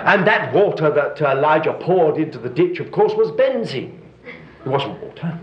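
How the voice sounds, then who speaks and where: A man's voice: a little high, normal speed. An older male preacher giving a sermon, telling stories with dry humor. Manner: lively storytelling with dry humor and chuckles. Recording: roomy, dull, slightly noisy hall recording.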